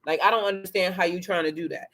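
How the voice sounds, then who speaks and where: Hyped up tarot reader on a live stream, swearing a lot, chatting with the viewers, mid-pitch voice. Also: fast, noisy background. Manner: excitable, swearing, often laughing, chatting to viewers. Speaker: tarot reader and spiritual coach. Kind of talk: casual live tarot reading.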